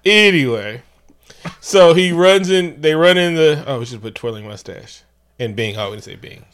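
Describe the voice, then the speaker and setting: A man co-hosting a casual movie review chat, telling the plot in an animated, profane, joking way. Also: mid-range voice, a little fast. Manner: animated, profane, jokey storytelling. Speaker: podcast co-host.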